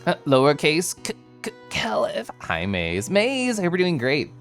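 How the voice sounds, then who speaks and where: A man's voice: fairly high pitch, wildly swooping pitch, measured pace, a bit bright, soft background music. A man streaming live, chatting casually and greeting viewers by name in a bubbly, giggly way. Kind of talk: casual chat reading viewer messages.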